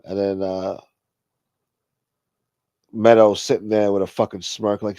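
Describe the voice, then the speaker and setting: A man's voice: on the low side, little pitch movement, measured pace, pauses often, warm tone, clean tone, dry recording. A man hosting a live stream, chatting casually with viewers and telling a rambling, profane story.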